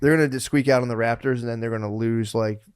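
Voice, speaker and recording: Man in his thirties, podcast co-host, mid-pitched, easygoing short replies, dry sound. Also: fairly even intonation, quick pace, smooth, dry recording. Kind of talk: casual podcast chat.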